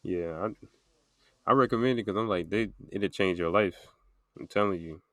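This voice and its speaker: Young male podcast host, very low voice, dry close sound, loose rambling delivery full of fillers. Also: moderate pace, fairly bright tone, dry recording. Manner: rambling, filler-heavy storytelling with many "like"s. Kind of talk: casual podcast chat.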